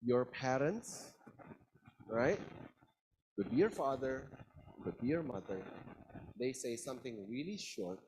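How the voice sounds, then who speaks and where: A young man leading a university session on communication, playfully demonstrating how stress and pauses change meaning. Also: mid-range voice, lively intonation, a little mellow, breathy edge, low-quality recording. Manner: playful, demonstrative, shifts stress and volume to show emphasis. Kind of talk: lively public speaking demonstration.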